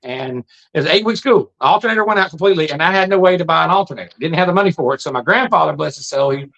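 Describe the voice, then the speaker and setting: A middle-aged man tells his life story in a high voice. He talks fast and plainly, with an earnest, folksy manner. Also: expressive, gravelly, a bit bright, lo-fi sound. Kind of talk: casual storytelling monologue.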